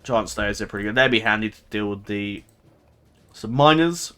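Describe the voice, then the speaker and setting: A man's voice: lowish voice, moderate pace, fairly bright tone, smooth. A man giving casual game commentary, chatty and prone to laughing, thinking aloud and second-guessing himself as he goes. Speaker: gameplay commentator.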